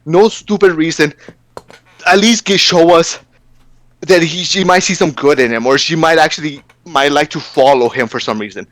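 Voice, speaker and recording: Profane, animated man ranting. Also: a little high, moderate pace, dry recording. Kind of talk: casual rant.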